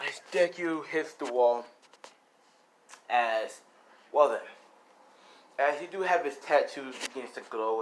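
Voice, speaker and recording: A man improvising a fan-fiction story out loud, rambling and correcting himself as he goes. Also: mid-range voice, a little hiss or hum, low-quality recording. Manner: rambling, self-correcting, many fillers.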